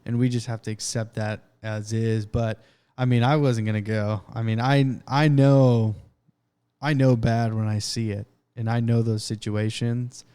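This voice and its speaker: A man co-hosting a podcast, speaking in a relaxed, matter-of-fact way with many fillers in a casual chat. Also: mid-range voice, unhurried, smooth. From California. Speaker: podcast co-host.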